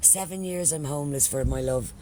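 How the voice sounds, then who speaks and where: A man's voice: fairly high pitch, a little fast, dark tone, slight background noise. An Irish man chatting casually on a live stream, swearing freely and thanking followers by name. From Ireland.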